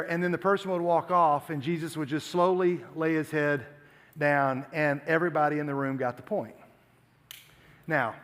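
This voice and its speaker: A man preaching to a youth group, telling stories animatedly and acting out the dialogue. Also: a little high. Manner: animated storytelling, acts out dialogue. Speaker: youth pastor. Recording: long hall reverb.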